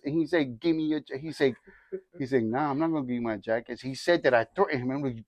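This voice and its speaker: A man's voice: a little high, a little fast, no room sound. A young man telling his life story in a casual, slangy, rambling way, sharing a testimony. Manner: informal, slangy, rambling with restarts. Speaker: church group member sharing testimony.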